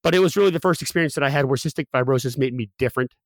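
A man in his thirties, a podcast guest, telling a personal story quickly with many restarts and fillers. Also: medium pitch, dry recording. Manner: rapid, with frequent restarts and fillers.

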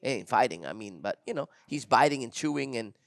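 A man with a gravelly, mid-pitched voice tells a dog-training story in loose, casual chat. He acts out the people in it and laughs as he goes. The sound is dry and close. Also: brisk, no echo. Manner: animated storyteller, acts out quotes, laughs often. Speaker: dog trainer and podcast host.

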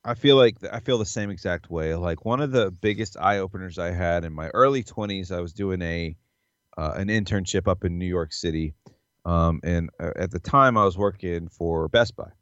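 A man's voice: deep voice, moderate pace, fairly bright tone, clear, resonant tone, no echo, muffled recording. A man from the South, hosting a podcast in a rambling, laid-back casual chat full of fillers. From American South. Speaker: podcast host.

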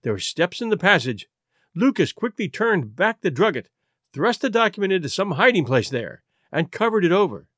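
A man reading the part of a frightened aristocratic woman confessing in a rush, with a lively, rising and falling voice in a dry recording. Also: high voice, moderate pace, no echo, heavily acted. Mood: anxious.

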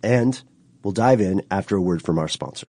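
A man co-hosting a podcast in casual chat, teasing and animated as he steers the talk. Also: low voice, moderate pace. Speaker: podcast co-host.

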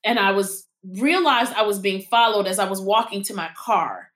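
Animated woman telling stories. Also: medium pitch, normal speed. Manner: animated storyteller, acts out quotes. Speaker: actor and acting coach, guest. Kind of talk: casual interview conversation.

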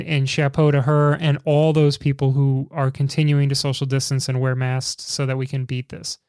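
A male podcast host with a somewhat high voice speaks in a measured, earnest way. The recording is dry and close. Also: darkish tone, no echo. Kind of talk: hosting a cycling podcast.

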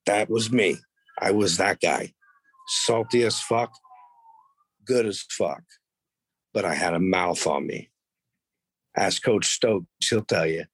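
This podcast guest, a middle-aged man, recounts his past casually with plenty of profanity and bluntness, turning animated as he quotes people. His low voice is slow, breathy at the edges and often pausing, recorded dry.

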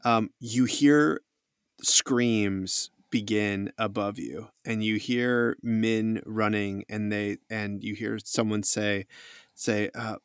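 A man's voice: fairly low pitch, steady tone, takes it slowly, clean tone, no room sound, studio quality. A man narrating as game master of a tabletop game, hesitant and full of restarts. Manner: hesitant, many fillers and restarts.

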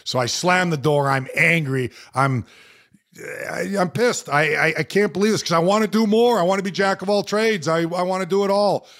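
Animated former hockey player telling stories. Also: male voice, high-pitched, moderate pace. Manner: animated anecdote, quoting others, repeated restarts. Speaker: retired hockey player, guest. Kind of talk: storytelling in a casual interview.

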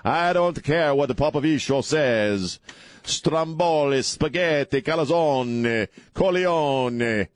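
Man doing a big jolly italian guy voice, booming and singsong, dry mic. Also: expressive, slow pace, dry recording. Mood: hammy. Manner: booming, sing-song, hamming it up.

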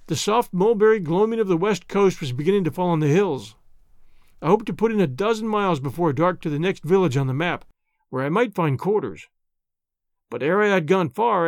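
Man reading a story, lively high voice. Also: no echo, studio quality. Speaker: audiobook reader. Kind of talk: audiobook narration.

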